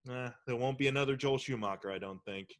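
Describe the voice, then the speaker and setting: A man co-hosting a casual podcast chat, measured and opinionated. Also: mid-range voice. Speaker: podcast co-host.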